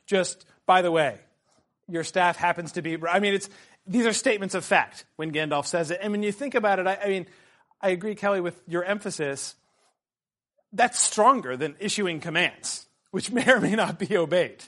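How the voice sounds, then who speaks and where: High-voiced male teacher leading discussion. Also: normal speed. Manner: animated, calls on students by name. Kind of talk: seminar discussion.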